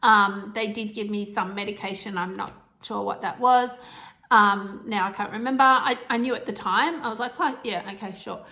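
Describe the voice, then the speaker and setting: A middle-aged woman telling a personal health story to camera, emotional and halting, with restarts and nervous laughs. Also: medium pitch, steady tone, pushed and bright.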